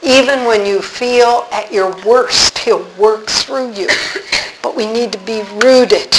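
Slow, reflective woman telling a faith story. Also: on the high side, very noisy. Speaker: speaker giving a talk. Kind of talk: faith talk with personal story.

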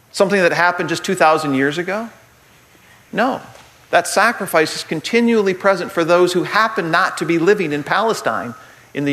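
A man giving a humorous Catholic talk to a group, an animated storyteller who uses jokey asides and builds to earnest points. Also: a little high.

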